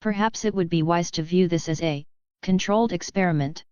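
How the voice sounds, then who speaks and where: A woman voicing a gentle, formal, learned man in a storybook reading, with a dry, slightly dull recording. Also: on the low side, brisk, clean tone, no room sound, natural voice. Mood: measured. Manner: elegant, formal.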